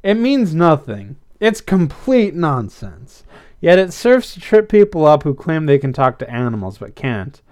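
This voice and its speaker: A calm, dry private investigator, as a man plays him for a story reading. The voice stays near the reader's own, only a little lifted. He speaks in measured, composed lines. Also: fairly high pitch.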